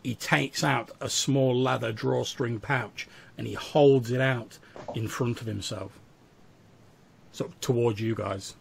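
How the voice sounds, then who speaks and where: A man's voice: mid-range voice, fairly even intonation, takes it slowly, gravelly, breathy edge. A man narrating a tabletop game as game master, in a casual, filler-heavy way.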